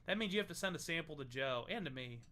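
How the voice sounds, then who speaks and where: With a fairly high, lively voice, quick and sharp in tone, a young man hosts a casual livestream bourbon tasting, chatting and joking freely.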